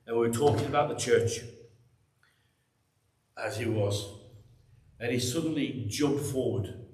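A man's voice: medium pitch, a little slow, a little mellow. A man preaching a sermon to a church congregation, emphatic and conversational, with many repeated phrases. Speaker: pastor. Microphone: microphone. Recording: echoey church room.

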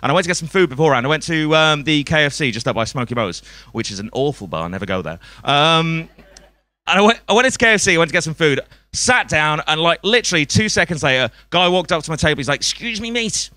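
A man's voice: on the high side, very animated, fast, pushed and bright. A man doing a stand-up comedy set on a club stage, swearing a lot and chuckling at his own jokes.

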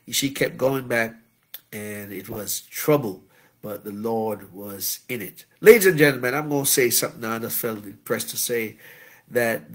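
Man, bishop, sermon, gravelly voice, animated, humorous, frequent amens. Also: mid-range voice. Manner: animated preaching with frequent amens and praise interjections; humorous, anecdotal. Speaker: bishop preaching a Bible study.

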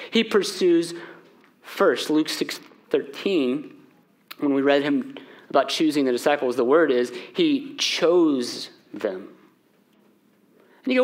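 A middle-aged man preaching a sermon as pastor in a church, talking conversationally and asking the room rhetorical questions. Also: medium pitch. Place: church sanctuary.

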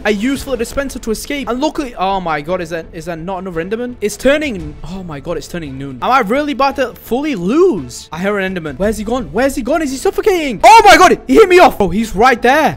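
Frantic high-voiced young man gaming. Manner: frantic, exclamatory. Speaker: Minecraft YouTuber. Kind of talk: excited gameplay commentary.

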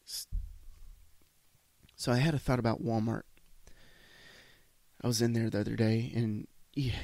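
Through a podcast microphone with no room sound, a man with a mid-range voice hosts a solo show. His sinuses have left him congested, and his casual monologue rambles along, full of profanity and self-deprecation.

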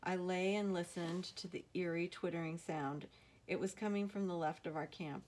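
Woman reading a novel aloud, lowish voice. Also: steady tone, moderate pace, darkish tone. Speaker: audiobook narrator.

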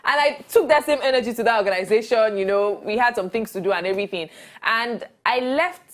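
A woman's voice: fairly high pitch, brisk. A young woman with a Nigerian accent, chatting as an interview guest. She is bubbly, laughs often and acts out the voices of people she quotes. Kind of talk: casual interview chat.

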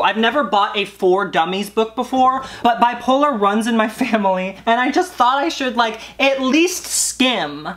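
A young man talking straight to the camera in a joking vlog. He rambles from tangent to tangent with a sarcastic edge, often slipping into quick put-on voices before carrying on. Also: high voice, pushed and bright. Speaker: YouTuber. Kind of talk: comedic vlog monologue.

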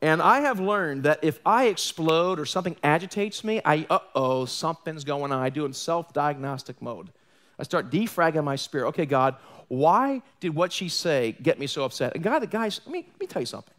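A man's voice: on the high side, moderate pace. A man preaching a live sermon as pastor in a church, telling stories with joking asides and acting out quotes. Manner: animated storytelling with joking asides and acted quotes. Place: church sanctuary.

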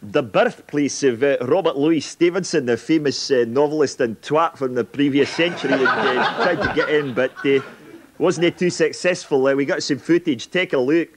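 A man's voice: on the high side, normal speed, crowd noise. A man in a put-on Scottish accent, giving a dry, mocking comic field report with many hesitations. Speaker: comedy reporter. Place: busy city street outdoors. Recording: loud street noise.

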